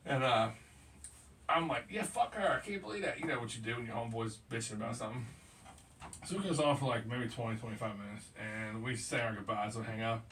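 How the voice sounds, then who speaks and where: A man's voice: fairly low pitch, steady tone, brisk, a bit bright. A man hosting a casual podcast chat, laughing often and swearing as he tells stories. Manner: laughing, profane storytelling. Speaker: podcast host. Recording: distant mic with faint noise.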